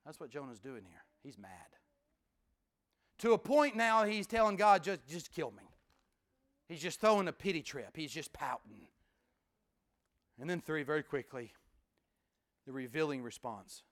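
A man preaching a sermon in a folksy, conversational way, swinging from loud emphatic bursts to hushed near-whispers. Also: a little high, expressive, moderate pace, long pauses. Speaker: pastor.

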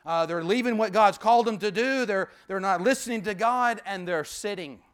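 A man preaching a sermon as pastor, emphatic, repeating key phrases and sometimes dropping to a hushed voice. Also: high-pitched, normal speed, smooth.

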